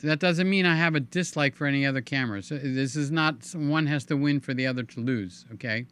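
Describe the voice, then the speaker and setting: An older man hosting a live stream in a casual, chatty way, reading viewer comments aloud with a hoarse, tiring voice. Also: medium pitch, fairly quick, fairly bright tone. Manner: chatty, reads viewer comments aloud, hums filler sounds. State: hoarse, voice giving out. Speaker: livestream host.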